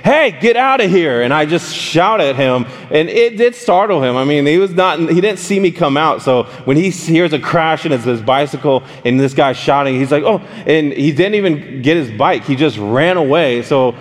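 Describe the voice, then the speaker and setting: A man preaching a casual, story-driven sermon, animated and speaking straight to his listeners with questions. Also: fairly high pitch, normal speed, few pauses. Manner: animated, addresses the audience directly with questions. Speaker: pastor. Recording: long hall reverb.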